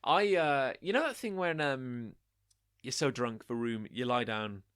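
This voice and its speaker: A man's voice: mid-range voice, unhurried, a bit bright, clear, resonant tone, dry recording, clean studio sound. A young man co-hosting a podcast, rambling through drinking anecdotes and acting out quotes with a laugh. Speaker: podcast co-host. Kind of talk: casual chat.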